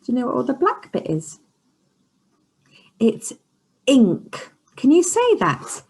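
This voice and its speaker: A woman teaching a phonics lesson to young children in an encouraging, sing-song way, sometimes dropping to a soft whisper. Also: high voice, wildly swooping pitch, takes it slowly, husky. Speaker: early years teacher. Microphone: camera she sets up herself.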